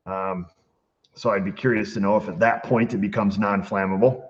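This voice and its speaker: A man's voice: lowish voice, fairly even intonation, moderate pace. Man, mechanic host, joking mail-call chat, repair shop bay, camera mic, muffled lo-fi sound. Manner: jokey, reads letters aloud with asides. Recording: dull lo-fi sound with faint noise.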